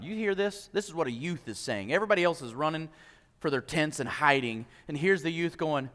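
A male pastor preaching a sermon in an animated way, acting out quotes and repeating words as he restarts. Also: on the high side, a little fast, big-room sound.

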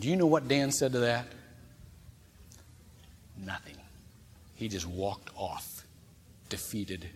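A male pastor preaching a storytelling sermon in a conversational, folksy and animated manner. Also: on the low side, takes it slowly, pauses often, slight background noise. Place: church sanctuary. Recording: long church reverb.

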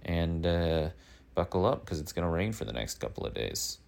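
A man hosting a daily news show, rambling through a comic monologue in a deadpan way with many fillers. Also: low-pitched, moderate pace, gravelly. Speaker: daily news podcast host.

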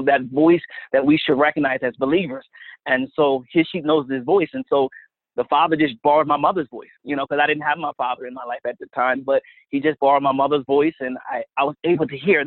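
A man's voice: a little high, no room sound. Earnest man on a tinny phone line. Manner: earnest storytelling, repeats words, laughs softly. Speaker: guest minister. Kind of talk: testimony in a faith interview. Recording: phone-line sound, dry.

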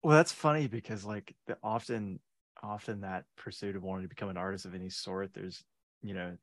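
A man's voice: deep voice, fairly even intonation, a little fast, no room sound. A man co-hosting a podcast who reflects on a guest's story in a thoughtful way. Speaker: podcast co-host. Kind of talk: casual chat.

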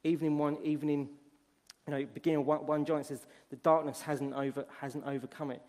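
A man's voice: fairly high pitch, flat delivery, fast, a little mellow, long reverb tail. A man preaching a sermon, earnest and storytelling, often restarting his phrases. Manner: earnest, restarts phrases while retelling stories.

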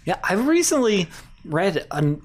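A man's voice: high-pitched, big pitch swings, measured pace. A man co-hosting a podcast, talking casually and hesitantly with frequent restarts and chuckles. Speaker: podcast co-host. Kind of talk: casual chat.

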